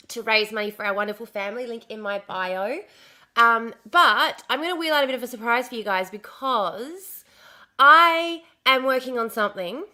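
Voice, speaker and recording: Woman streamer, chatty and bubbly, high and bright, slightly hoarse. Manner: chatty, bubbly greetings, swears casually. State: recovering from lost voice, slightly hoarse. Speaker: livestream host. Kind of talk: casual livestream chat.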